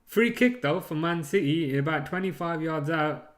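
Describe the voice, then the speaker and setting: A man's voice: on the high side, moderate pace. A man hosting a live football watchalong, chatting casually, rambling and chuckling as he reads out chat messages.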